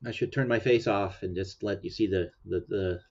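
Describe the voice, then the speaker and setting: Sleepy guy rambling on his stream, lowish voice, laughs a lot, kinda dull lo-fi sound. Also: normal speed, a little mellow. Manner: rambling, chatty, laughs often. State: sleepy, yawning. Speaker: livestream host. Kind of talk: casual chat.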